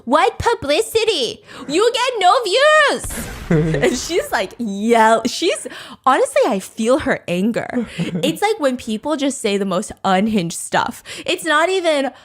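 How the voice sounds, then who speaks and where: Animated woman telling a story. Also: on the high side, unhurried. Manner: animated, laughs often, swears freely. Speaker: host. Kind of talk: casual storytelling commentary.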